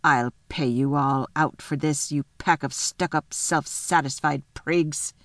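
A woman's voice: fairly low pitch, normal speed, dry recording, natural voice. A woman reading aloud, voicing a sulky, spiteful young schoolboy who mutters sullenly.

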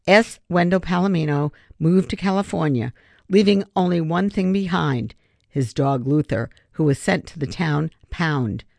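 A narrator reading a children's novel aloud in steady audiobook narration. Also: mid-range voice, unhurried, gravelly, dry recording. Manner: steady storytelling.

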